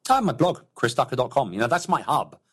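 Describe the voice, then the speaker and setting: A man's voice: medium pitch, big pitch swings, quick pace, fairly bright tone, breathy edge. A man with a London English accent, chatting and joking as a podcast guest over a remote call. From England. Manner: chatty, jokey, laughs often. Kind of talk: casual interview chat.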